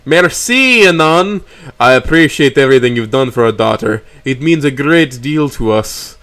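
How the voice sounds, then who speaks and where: A man voicing a kindly middle-aged male stegosaurus father, speaking slowly and formally. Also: mid-range voice, expressive, fairly bright tone. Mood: grateful.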